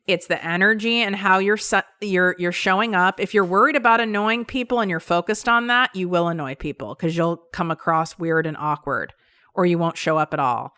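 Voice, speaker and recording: Emphatic, bright-voiced woman podcast host. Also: lowish voice, normal speed, smooth, no echo. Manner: emphatic, casual and blunt, with swearing. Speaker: podcast host and business coach. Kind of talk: solo motivational podcast talk.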